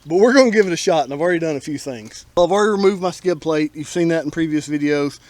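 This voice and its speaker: Talking fast in a fairly high, darkish voice with no room sound, a DIY vlogger walks through repairing his Jeep outdoors. His how-to is blunt, wry, and casual, and he complains about shoddy work.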